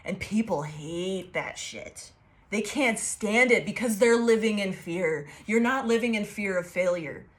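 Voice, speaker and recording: A woman of middle pitch giving a loose, casual tarot reading. She talks in an excitable, foul-mouthed way, and her sentences ramble and restart as she goes. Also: unhurried. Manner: excitable and profane, laughing often. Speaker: tarot reader.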